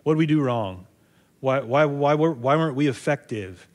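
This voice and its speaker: A man's voice: medium pitch, expressive, normal speed, natural voice. A man voicing puzzled male disciples who plead to know why they failed. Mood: baffled.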